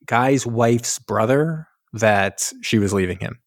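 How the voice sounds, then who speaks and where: A man's voice: mid-range voice, lively intonation, slow, no echo, clean studio sound. A young man co-hosting a casual movie podcast, rambling through the plot and acting out lines. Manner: rambling, acts out characters in voices. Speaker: podcast co-host. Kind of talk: casual movie recap chat.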